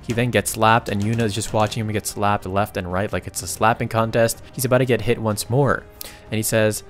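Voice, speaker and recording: A man narrating a comic recap in a casual, excitable way, often breaking into exclamations. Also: lowish voice, fairly quick, soft background music.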